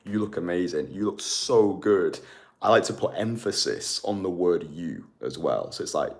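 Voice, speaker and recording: Deep-voiced man coaching emphatically. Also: expressive, normal speed, vocal fry. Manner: emphatic, repeats key phrases. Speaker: dating coach. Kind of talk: motivational talk to camera. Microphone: phone or camera mic.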